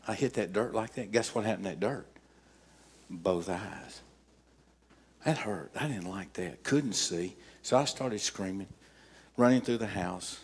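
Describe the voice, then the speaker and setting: An older man preaching a sermon as pastor, emphatic, telling stories with dramatic pauses. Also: on the low side, breathy edge.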